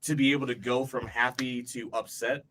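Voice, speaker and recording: A man's voice: medium pitch, fairly even intonation, moderate pace, pushed and bright, a little hiss or hum. A man co-hosting a casual podcast chat, rambling with lots of fillers and laughing easily. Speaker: podcast co-host.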